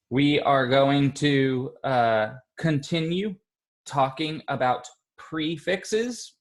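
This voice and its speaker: A male teacher leading an online class, speaking slowly and patiently and encouraging the children. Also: fairly high pitch. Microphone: computer mic on a video call.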